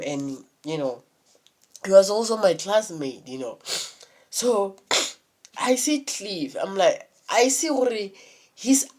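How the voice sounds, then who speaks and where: A woman's voice: on the low side, darkish tone. A young woman telling a rambling, profanity-laced story in a casual vlog, full of fillers and restarts. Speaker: vlogger.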